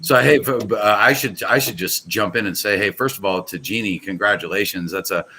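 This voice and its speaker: A man's voice: on the low side, fairly quick, bright, forceful tone, a little hiss or hum, low-quality recording. A man talking as a guest on a casual podcast, rambling and enthusiastic with many restarts. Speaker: guest, pool products company owner.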